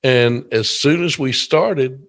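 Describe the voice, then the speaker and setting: A man's voice: medium pitch, slow, fairly bright tone. A man from Georgia, hosting a casual interview show and talking in an easygoing, rambling way. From Georgia, USA. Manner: easygoing, rambling, many fillers. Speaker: podcast host.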